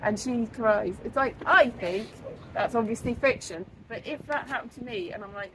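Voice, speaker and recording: A woman hosts a relaxed interview in a slightly higher pitch. She chats freely, keeps up a steady stream of agreement, and riffs on ideas with animated opinions. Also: normal speed, a little hiss or hum, low-quality recording. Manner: chatty, lively reactions, lots of agreeing backchannel. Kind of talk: casual interview chat.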